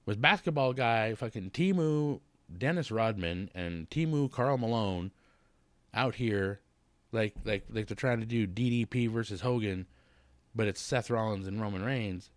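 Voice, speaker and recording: A man's voice: on the low side, no echo. A man giving a casual, blunt wrestling recap, talking in a rambling, profane rant. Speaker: wrestling vlogger.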